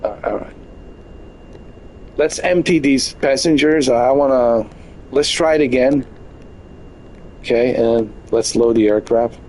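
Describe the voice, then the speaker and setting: A man's voice: mid-range voice, slow, pauses often, a little mellow, slight background noise, rough recording. Joking man streaming a flight game. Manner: joking, exaggerated mock complaints with laughs. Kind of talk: casual live gameplay commentary. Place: bedroom at home.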